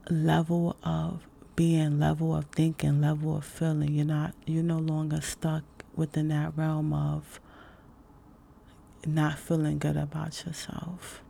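A woman giving a casual self-help talk, laid-back and slangy with many fillers, dropping to a soft whisper when she walks through breathing exercises. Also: low-pitched, completely flat delivery, slow, creaky, slight background noise.

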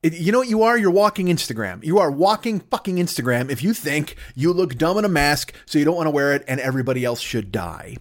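Fast, profane ranting podcast man. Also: a little high, animated. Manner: profane, rambling, exasperated. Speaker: podcast host. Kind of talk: comedic rant.

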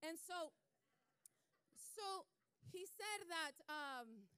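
A woman's voice: very high voice, animated, very slow, sharp tone. A woman pastor telling a testimony in a sermon, repeating lines and rising into fervent praise.

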